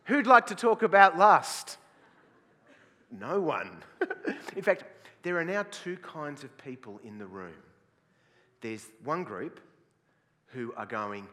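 A man's voice: a little high, sing-song, takes it slowly, pauses often, fairly bright tone. A man with an Australian accent, a pastor opening a sermon with playful, self-mocking jokes to his congregation. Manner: jokey, self-mocking, laughs at own jokes. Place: large church hall. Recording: long hall reverb.

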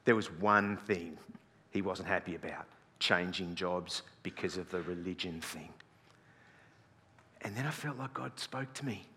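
A middle-aged man preaching with a slightly low, bright and forceful voice. He tells his story in a chatty, self-deprecating way, often restarting his sentences. The sound carries a long reverb from a big hall. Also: measured pace, slight background noise. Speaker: pastor. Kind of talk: storytelling sermon.

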